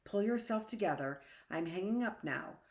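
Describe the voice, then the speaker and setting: A woman's voice: mid-range voice, expressive, moderate pace, darkish tone, close to an everyday voice. A woman reading aloud as an elderly woman who fusses in a kindly, motherly, scolding way.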